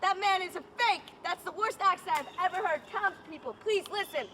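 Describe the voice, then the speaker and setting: A woman's voice: very high-pitched, fairly quick, sharp tone, a little hiss or hum. A young woman in a student play voicing an indignant town doctor crying out urgent accusations. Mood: accusing.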